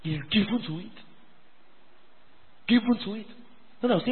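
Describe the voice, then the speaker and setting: Brief: high, animated preacher, scolding and repetitive, tinny phone-like sound. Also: male voice, fairly quick, in a large hall. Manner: emphatic, repeats phrases, scolding. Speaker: pastor. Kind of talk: sermon.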